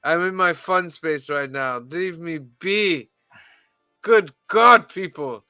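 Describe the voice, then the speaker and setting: A man hosting a casual podcast, reading titles off a list in a measured, deadpan way with wry asides. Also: on the high side, no room sound, soft background music. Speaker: podcast host reading the weekly release list.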